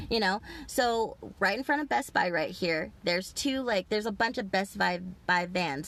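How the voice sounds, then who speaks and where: A woman's voice: fairly high pitch, fairly bright tone. Rambling, foul-mouthed woman vlogger. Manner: profane, rambling, agitated storytelling with many fillers. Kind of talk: rambling personal monologue. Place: outdoors in a big parking lot.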